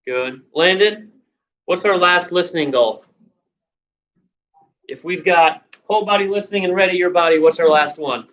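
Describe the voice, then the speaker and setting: A woman's voice: lowish voice, normal speed, long pauses, fairly bright tone, dull audio. A woman teacher leading young children through a lesson, patiently prompting and repeating her questions. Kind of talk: classroom instruction to young children.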